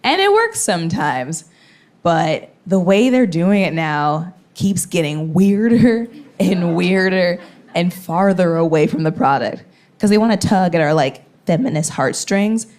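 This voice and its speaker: A woman's voice: fairly low pitch, sing-song, unhurried, a little mellow. A woman doing observational stand-up, sarcastic, who mocks advertising voices in a sing-song. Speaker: stand-up comedian.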